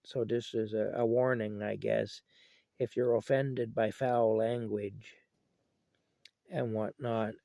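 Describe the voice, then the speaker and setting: A man's voice: fairly low pitch, vocal fry, warm tone, no echo. An older man telling family stories in a rambling, folksy, chuckling way while feeling unwell. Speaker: vlogger. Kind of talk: casual storytelling.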